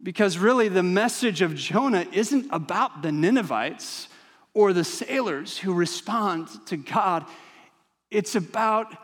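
Emphatic high-voiced male preacher. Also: lively intonation, unhurried. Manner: emphatic, dramatic, conversational asides. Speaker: pastor. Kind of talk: sermon. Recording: long hall reverb.

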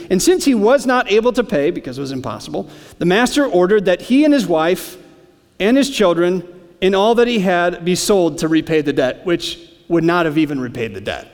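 A man's voice: high voice, animated, brisk, long reverb tail. A man preaching a sermon, explaining scripture in a conversational way with casual asides. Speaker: pastor.

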